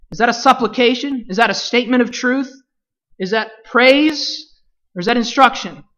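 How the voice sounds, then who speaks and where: A Bible teacher leading a study, speaking deliberately and putting questions to the class. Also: mid-range voice, pushed and bright, dull audio.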